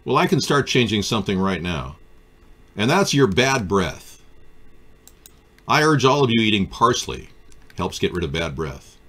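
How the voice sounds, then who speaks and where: A man's voice: on the low side, very animated, measured pace, long pauses, a bit bright. A man hosting a live political talk stream, riffing sardonically on viewer comments. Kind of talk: casual political chat.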